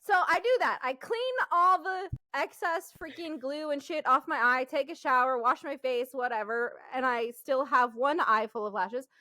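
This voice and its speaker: A woman with a high voice tells a rambling story in casual podcast chat. She swears freely, laughs often and talks in an animated way. The sound is dry and close. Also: normal speed, few pauses, no room sound. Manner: animated, profanity-laced storytelling with frequent laughter. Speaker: podcast co-host.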